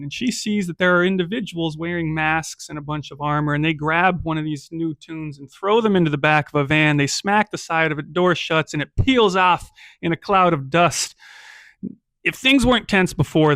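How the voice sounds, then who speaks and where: A man's voice: fairly high pitch, normal speed, fairly bright tone, no room sound, studio quality. A man narrating a solo tabletop game as game master, casual and chatty, often checking in with "right?".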